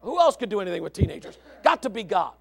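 Preaching a fiery sermon fast and in a sing-song way, a male pastor uses a high, gravelly voice that jumps around in pitch. He alternates hushed conversational asides with loud shouted proclamations and reads scripture in archaic language.

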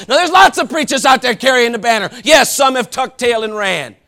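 A male pastor delivers a fervent sermon, breaking into shouts between folksy asides. His voice is unusually high, gravelly and bright, with a forceful edge. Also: a little fast.

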